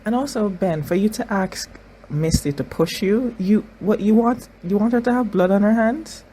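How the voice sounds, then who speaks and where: Brief: reaction-video host, emotional and tearful, halting commentary full of repeats, mid-range voice. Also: mid-range voice, dark tone, slightly rough, poor audio. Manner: emotional, repeats phrases, thinks aloud with many restarts.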